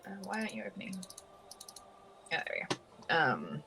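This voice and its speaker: A woman with an Australian accent playing a tabletop game over voice chat, quick and wary in her questions. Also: medium pitch, wildly swooping pitch, gravelly, noisy background. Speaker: tabletop player. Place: home room over voice chat.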